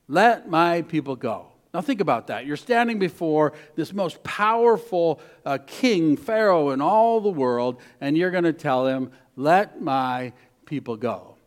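A man preaching a sermon as a pastor, mostly soft and intimate, with lively bursts. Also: a little high.

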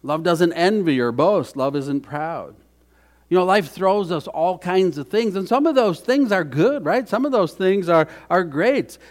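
A man's voice: high-pitched, expressive, unhurried. A middle-aged man preaching a conversational sermon as pastor, folksy and chatty, with frequent restarts.

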